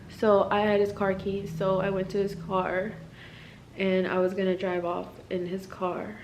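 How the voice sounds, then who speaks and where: A distressed young woman talks straight to her viewers in a confessional vlog, her speech rambling, profane and full of "like". Her pitch sits in an ordinary middle range. A faint hiss of background noise runs underneath. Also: little pitch movement, moderate pace, a little mellow. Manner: rambling, profane, filler-heavy "like". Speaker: military spouse.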